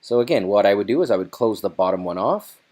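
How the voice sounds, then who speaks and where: Chatty man walking through a software tutorial. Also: fairly low pitch, lively intonation, quick pace. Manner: chatty, loose, thinks aloud with fillers. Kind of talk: casual screen-recorded tutorial.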